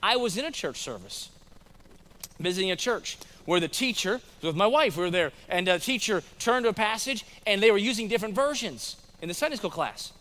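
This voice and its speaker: An American man preaching a conversational sermon as pastor, acting out quotes with lively voices. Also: high voice, a little fast, big-room sound. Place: church sanctuary.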